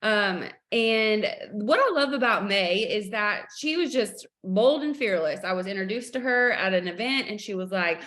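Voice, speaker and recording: A woman's voice: medium pitch, moderate pace, few pauses, fairly bright tone. A woman hosting a sales team video call, upbeat and preachy, acting out family stories as she motivates her team.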